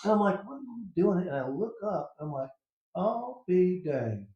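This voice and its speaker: Animated storytelling man in a roomy room. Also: high-pitched, measured pace. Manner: animated, laughing storyteller who acts out quotes. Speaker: interview guest. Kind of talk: casual storytelling. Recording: roomy, dull sound.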